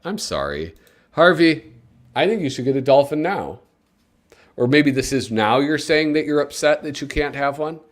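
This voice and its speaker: At a normal speed, a male live-stream host reads from a comic magazine and chats loosely with his viewers, joking as he goes. His pitch swings widely from low asides to high, excited bursts, and he lets out sudden yelps in a casual, playful, animated way.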